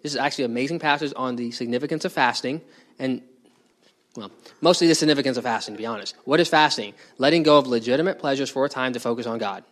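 A man's voice: mid-range voice, fast talker, a bit bright. A man leading a bible study, explaining a passage in a conversational way and putting questions to his group. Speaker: bible teacher.

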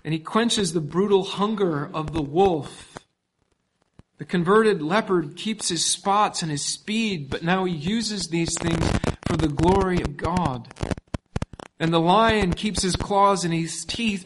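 A man preaching a sermon as pastor, emphatic, swinging from loud passages to hushed ones. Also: fairly high pitch, slow, noisy background.

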